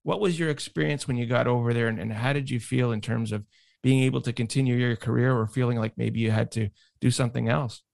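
A man's voice: mid-range voice, fairly even intonation, quick pace, creaky, darkish tone, no room sound. A man hosting a podcast, asking questions from prepared notes. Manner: reads prepared notes and quotes. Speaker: podcast host. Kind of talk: interview questions.

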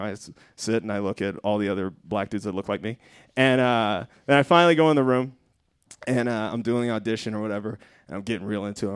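A man from Denver, Colorado, telling a comic story on stage at a live show, animated and profane, acting out his own panic. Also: fairly low pitch, clean tone. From Denver, Colorado, USA. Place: theater stage before a live audience.

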